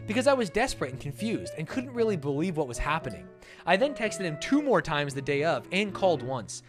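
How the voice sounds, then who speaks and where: Animated man reading a post aloud. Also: a little high, fairly quick, music in the background. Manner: animated and sarcastic, swings into loud mock-outraged rants. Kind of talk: dramatic reading with comedic commentary.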